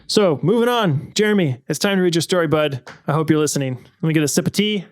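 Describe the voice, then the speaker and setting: A man's voice: a little high, lively intonation, fast talker, no echo, clean studio sound. A young man hosting a podcast, chatting loosely with fillers and reading a listener's story aloud. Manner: loose and conversational, with many fillers. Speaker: podcast host.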